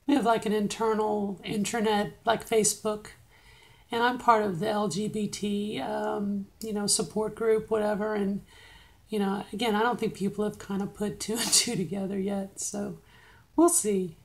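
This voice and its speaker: A middle-aged woman talking in a casual video diary, halting and full of fillers as she speaks in a deliberately higher register. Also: level tone, gravelly, poor audio. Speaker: video diarist.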